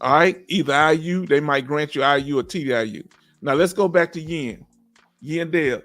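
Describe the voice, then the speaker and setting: A middle-aged man from Houston, hosting a casual livestream and warmly encouraging viewers as he reads their comments. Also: a little high, moderate pace. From Houston, Texas. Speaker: livestream host. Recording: faint music behind.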